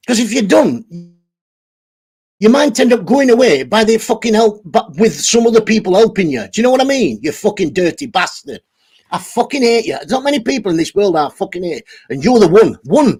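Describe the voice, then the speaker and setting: A man's voice: high-pitched, sing-song, fairly quick, darkish tone, husky. A man ranting angrily on a livestream, swearing heavily and over-caffeinated. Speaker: channel host reading live chat. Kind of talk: angry livestream rant.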